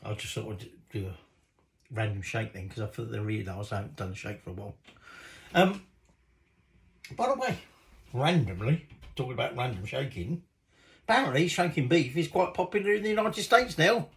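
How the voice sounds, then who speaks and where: A man's voice: mid-range voice, expressive, moderate pace, gravelly, pauses often, roomy sound, rough recording. A middle-aged man, rambling casually and swearing mildly as he cooks in his home kitchen. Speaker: cooking show host. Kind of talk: casual cooking vlog chat.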